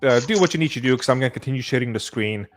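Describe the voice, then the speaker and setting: A man's voice: mid-range voice, very fast, faint music behind. A man hosting a podcast, chatting casually and easygoing, with frequent uhs. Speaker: podcast host. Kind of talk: casual chat.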